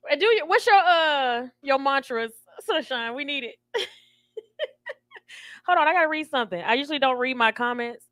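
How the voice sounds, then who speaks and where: A woman's voice: sits high, expressive, moderate pace, fairly bright tone, no echo, studio quality. A woman hosting a radio talk show, chatty and emotional, laughing often. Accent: Southern US. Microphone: studio microphone.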